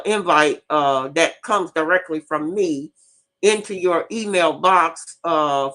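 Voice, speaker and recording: A woman host and teacher telling an animated, profane story in casual live talk, repeating herself as she goes. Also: fairly low pitch.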